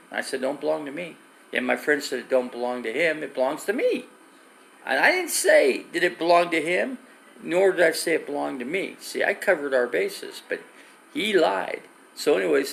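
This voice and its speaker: A man's voice: a little high, vocal fry, fairly bright tone, slight background noise, poor audio. A middle-aged man live streaming from his phone, rambling through stories and reading viewer comments. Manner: rambling storyteller with restarts, reads viewer comments.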